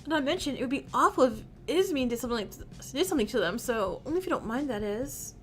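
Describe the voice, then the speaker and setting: A woman's voice: high voice, lively intonation, fast. A woman reading the lines of a shy, awkward nonbinary teen student from a visual novel, hesitant and trailing off.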